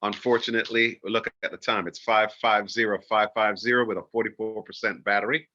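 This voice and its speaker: A man giving a livestreamed oracle card reading, talking in a soft, earnest, emotional and spiritual way. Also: fairly low pitch, level tone, brisk. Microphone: phone. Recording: dull lo-fi phone livestream audio.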